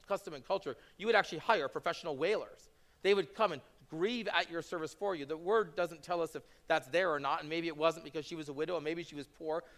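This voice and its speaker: A man's voice: fairly high pitch, a bit bright. A man in his thirties preaching a sermon, telling stories earnestly and building into impassioned preaching. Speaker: pastor.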